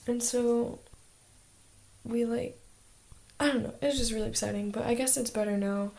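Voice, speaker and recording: A woman's voice: a little high, steady tone, moderate pace, gravelly, a little mellow. A teenage girl talking in a casual video diary as an exchange student, chatty and full of "like" fillers.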